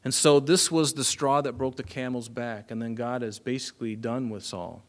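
A man's voice: medium pitch, normal speed. Conversational male pastor preaching. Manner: conversational, storytelling with asides. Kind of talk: sermon.

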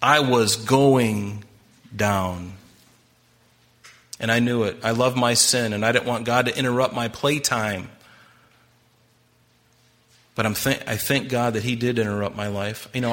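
A man's voice: medium pitch, a bit bright. A man preaching a sermon as pastor, emphatic and impassioned, talking straight to his congregation.

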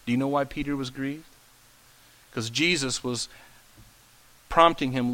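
A man's voice: mid-range voice, a little slow, pauses often, sharp tone, rough recording. A male pastor preaching a conversational sermon, often asking the congregation questions. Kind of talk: expository sermon.

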